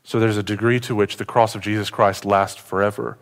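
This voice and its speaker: A man preaching a sermon as a pastor. He asks the congregation questions and swings from loud, excited points to hushed, earnest ones. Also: lowish voice, a little fast, creaky.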